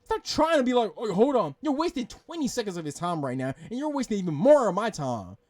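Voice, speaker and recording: A man's voice: sits high, sing-song, fast talker, a little mellow, dry recording. A man hosting a reaction video, ranting in exasperation, swearing and repeating himself. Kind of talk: angry rant commentary.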